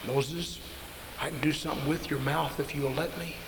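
A man preaching, voicing God as a stern but patient presence, his voice dropped lower and quieter. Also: normal speed, gravelly. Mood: firm, patient. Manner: lowered, calm, firm. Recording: echoey hall with faint hiss.

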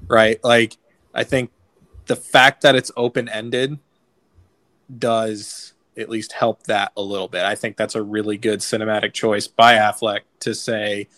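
Low-ish, level and unhurried, a slightly bright male voice with no room sound hosts a relaxed film podcast. He discusses movies casually, using plenty of fillers and showing lots of enthusiasm.

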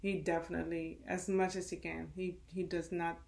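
Gravelly woman telling family stories. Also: lowish voice, moderate pace. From Suriname and the Netherlands. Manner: rambling, animated storytelling with laughter. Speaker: podcast guest. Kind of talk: casual conversation.

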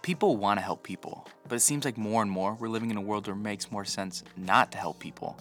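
Man, very deep voice, fast scripted narration, soft music underneath. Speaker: podcast host and narrator.

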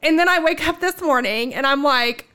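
Young female host, casual storyteller, high bright voice, laughs through her lines. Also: moderate pace. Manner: animated, laughing storyteller, many "like" fillers.

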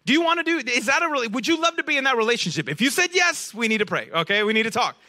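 Male pastor, high bright voice, animated preaching to the congregation, dips low and soft for emphasis. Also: very fast. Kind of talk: sermon.

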